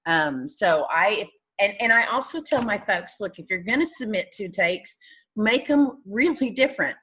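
A frank woman running a talent agency talks it through, restarting her sentences as she goes. Her voice sits in a middle pitch and comes through a slightly dull, lo-fi line. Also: animated, moderate pace, bright, forceful tone, breathy edge. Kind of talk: conversational interview.

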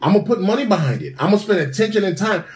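A man's voice: high voice, very fast. A man co-hosting a podcast in casual chat, telling stories with acted-out quotes. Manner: animated storyteller, acts out quotes. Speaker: podcast co-host.

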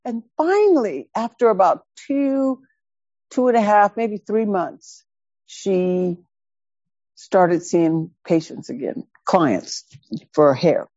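A woman teaching Buddhist dharma, telling a personal story in an animated, emphatic way and repeating words for stress. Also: medium pitch, takes it slowly, no echo, lo-fi sound. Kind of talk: dharma talk with personal anecdote.

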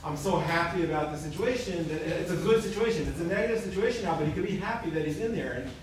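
Fast-talking rabbi explaining. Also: male voice, fairly high pitch, lively intonation. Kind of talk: explaining in class discussion. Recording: echoey room from far off, crowd.

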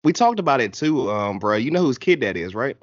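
Casual male co-host, lively and joking; dry, slightly muffled audio. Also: medium pitch, brisk, no room sound. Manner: animated, laughing, slangy. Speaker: podcast co-host. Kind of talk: casual wrestling chat.

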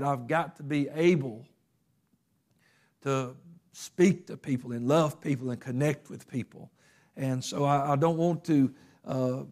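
A man's voice: fairly high pitch, darkish tone. Man preaching conversationally. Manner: conversational preaching with acted-out quotes and frequent fillers. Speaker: pastor. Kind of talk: sermon.

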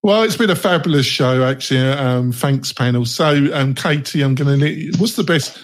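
A man's voice: mid-range voice, moderate pace. A man hosting a roundtable podcast, talking in a chatty way with many fillers. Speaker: podcast host.

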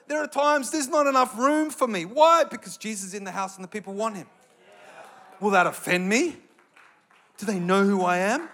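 An Australian man preaching a sermon with passion, building to loud, emphatic bursts. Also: high voice, moderate pace.

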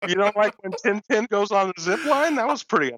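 A man chatting casually with deadpan, sarcastic jokes over a remote call. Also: sits high, brisk, dry recording, low-quality recording. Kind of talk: casual podcast chat.

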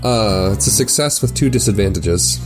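Low-voiced male tabletop player. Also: expressive, normal speed, music in the background. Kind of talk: playing a tabletop game.

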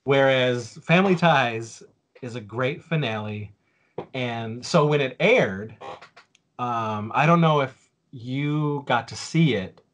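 A man's voice: medium pitch, takes it slowly, a bit bright, muffled recording. A man in his forties on a casual podcast, telling a story with lots of fillers and restarts. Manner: rambling, with many fillers and restarts.

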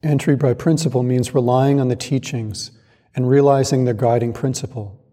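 A man giving a calm, reflective dharma talk as a Zen monastic teacher, speaking in a measured way with pauses. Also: medium pitch. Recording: long hall reverb.

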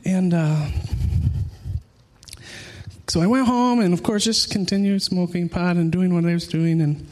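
A man's voice: high-pitched, a little slow, pauses often, darkish tone. A man in his thirties preaching a sermon, earnest and emotional, mixing personal testimony with scripture in a conversational way. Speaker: pastor.

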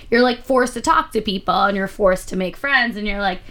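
A young woman from New Jersey co-hosting a casual podcast chat, telling stories in a chatty, animated way. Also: medium pitch, a little fast, hardly any pauses. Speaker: podcast co-host.

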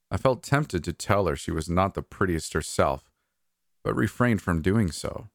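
A man narrating a first-person horror story in a calm, measured, slightly wry way. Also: very deep voice, no echo, clean studio sound.

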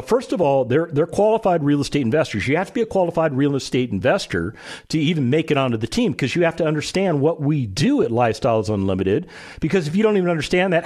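Animated male talk radio host. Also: a little high. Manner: animated storytelling, acts out quotes.

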